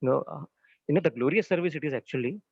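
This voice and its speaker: Fast, hesitant man on a call. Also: a little high, expressive, gravelly, darkish tone, husky, no echo, lo-fi sound. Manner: hesitant, full of "you know" and "uh". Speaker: caller asking a question. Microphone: video call.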